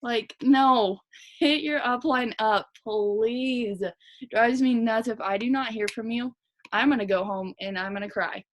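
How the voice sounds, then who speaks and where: A young woman team leader giving a fast, chatty, energetic motivational talk to her team. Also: a little high. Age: young adult. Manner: fast, chatty, energetic, lots of "like" and "you guys". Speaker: direct sales team leader.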